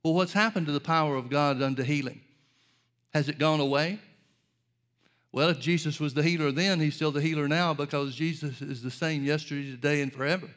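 A man's voice: fairly high pitch, fairly even intonation, brisk, fairly bright tone. A man preaching a sermon, earnest and direct, asking rhetorical questions and addressing his listeners as folks.

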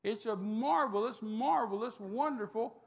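A man preaching a sermon as an animated, folksy story. His voice is high for a man. It carries a long hall reverb. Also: unhurried, vocal fry.

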